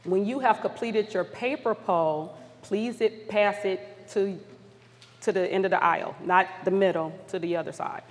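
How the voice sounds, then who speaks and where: A woman's voice: mid-range voice, normal speed. A woman facilitator leading an audience through polling questions at a community summit, upbeat and encouraging. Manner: upbeat, encouraging, apologetic when flustered. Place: large conference hall. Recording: long hall reverb.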